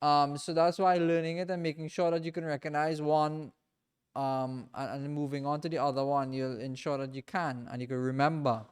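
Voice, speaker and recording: A man teaching a reading class in a mosque, patiently repeating and drilling each sound slowly for his students. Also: a little high, little pitch movement, smooth. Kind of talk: classroom lesson.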